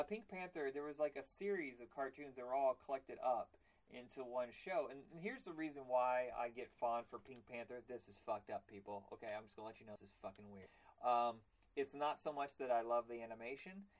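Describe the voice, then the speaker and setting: A man hosting a podcast in a casual chat, rambling and excitable, often slipping into cartoon voices. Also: medium pitch, a little fast. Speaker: podcast host.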